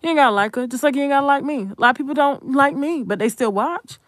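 A woman's voice: high voice, fast talker, no room sound, clean studio sound. Blunt, profane woman ranting. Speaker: content creator. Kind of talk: unscripted commentary rant.

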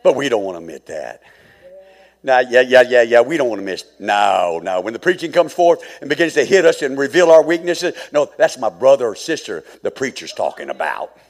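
A middle-aged male pastor preaching a sermon, swinging from hushed asides to fervent shouting. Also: mid-range voice, big pitch swings, fairly quick, in a large hall.

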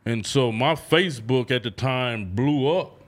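A man in a casual interview, telling stories with animated, acted-out reactions and free swearing. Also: mid-range voice, a little slow, a little hiss or hum. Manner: animated storytelling, acts out his own reactions in a raised voice, swears freely. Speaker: content creator guest.

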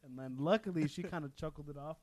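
A young man with a slightly high voice tells a story on a casual podcast. He speaks in a loose, animated way, laughs a lot, and swears freely. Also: fast talker, no room sound. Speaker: podcast co-host. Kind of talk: casual chat, telling a story.

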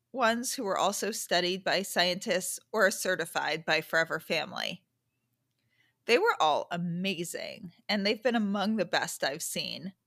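A woman's voice: medium pitch, fairly bright tone, no room sound. Female podcast host, conversational and frank, dry close recording. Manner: chatty, candid, self-correcting asides. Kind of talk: casual podcast monologue. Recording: dry close-mic sound.

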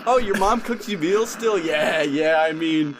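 A man's voice: fairly high pitch, measured pace, background noise, natural voice. A man voicing a sheepish, rambling adult male rapper in an improvised comedy bit.

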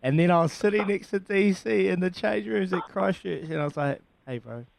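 A man's voice: sits high, fairly quick, gravelly, no room sound. A man, a former rugby player hosting a casual interview, joking and matey.

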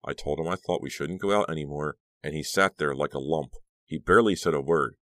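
A man's voice: a bass voice, fairly quick, dry recording. A man voicing a sarcastic, anxious teenage girl in an audiobook, raising his voice and speaking dryly. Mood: wry, uneasy. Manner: raised girlish voice, dry and uncertain.

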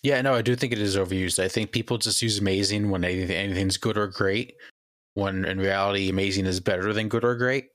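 A man with a fairly low voice, chatting in an easygoing, self-deprecating way as a podcast co-host. The recording is dry and close. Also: fairly even intonation, quick pace, fairly bright tone, dry recording. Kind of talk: casual chat.

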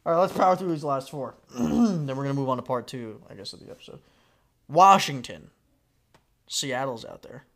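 A young man hosting a casual podcast, blunt and profane, often breaking into loud laughter. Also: medium pitch, lively intonation, normal speed. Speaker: podcast host.

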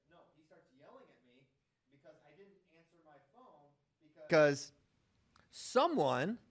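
High-voiced teasing male podcast host. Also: normal speed, recorded from a distance. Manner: animated, teasing. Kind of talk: casual chat. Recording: roomy echo.

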